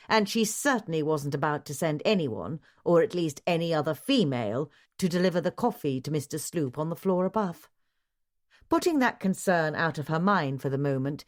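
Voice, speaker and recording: A woman reads a mystery audiobook with a low, deep voice. Her narration is measured and even, and she paces the prose with care. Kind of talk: scripted narration.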